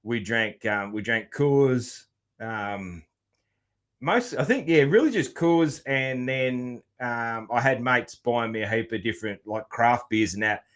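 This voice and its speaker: A man's voice: medium pitch, takes it slowly, a bit bright. Laid-back Australian man hosting. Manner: laid-back, swears freely, many fillers. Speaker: podcast host. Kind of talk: casual interview chat.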